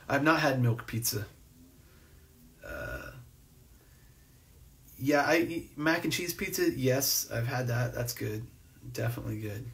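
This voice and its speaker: A man's voice: medium pitch, very animated, takes it slowly, creaky, pauses often, a bit bright. Guy chatting on a live stream, reading comments, lots of ums and restarts, mic kinda far off. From New Jersey. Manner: rambling, laid-back, many fillers and restarts. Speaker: host. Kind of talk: casual livestream chat reading comments. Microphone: phone or webcam on a live stream.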